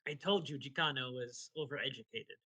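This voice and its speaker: A man hosting a comedy show, reading scripted trivia in a dry way and sometimes reading the punctuation out loud. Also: mid-range voice, brisk, husky, poor audio. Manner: dry, reads punctuation aloud. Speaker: podcast host.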